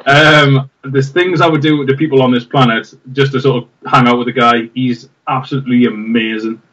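Chatty host, middle pitch, a bit off-mic with a dull lo-fi sound. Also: male voice, fairly even intonation, moderate pace, a bit bright, far from the mic. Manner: enthusiastic, rambling with fillers. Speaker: podcast co-host. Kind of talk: casual film chat.

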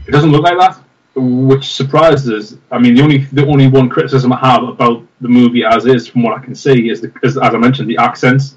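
Chatty host, middle pitch, a bit off-mic with a dull lo-fi sound. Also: male voice, fairly even intonation, quick pace, far from the mic. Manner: enthusiastic, rambling with fillers. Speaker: podcast co-host. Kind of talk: casual film chat.

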